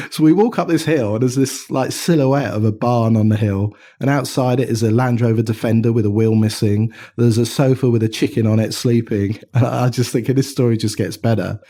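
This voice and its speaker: A middle-aged man from England, a watch company founder, telling an animated anecdote in a casual interview. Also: medium pitch, fairly quick, few pauses. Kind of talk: conversational storytelling.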